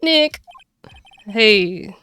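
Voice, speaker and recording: A woman's voice: on the high side, expressive, measured pace, a bit bright, soft background music, pitched above the performer's own voice. A woman voicing a melodramatic young man from a game in a put-on country accent, wailing in despair. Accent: put-on Southern US country. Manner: wailing, over-the-top despair.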